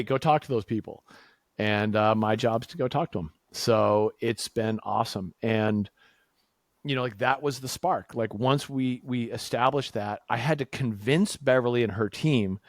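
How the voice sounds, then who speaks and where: Telling the company story as its co-founder, a Massachusetts man speaks casually on a podcast and acts out conversations with big swings in his voice. His pitch is fairly low, and the recording has no room sound.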